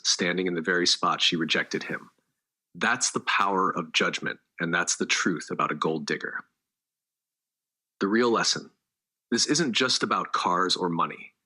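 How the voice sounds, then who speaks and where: A man reading a scripted story in a dramatic, measured narrating manner. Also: low-pitched, pushed and bright.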